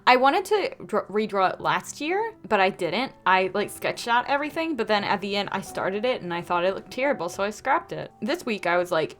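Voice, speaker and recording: A woman's voice: mid-range voice, fairly quick, few pauses. A young woman with a Southern US accent, chatting casually and telling stories over her speedpaint video. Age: young adult. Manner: chatty, animated, quotes people in put-on voices. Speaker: artist vlogger.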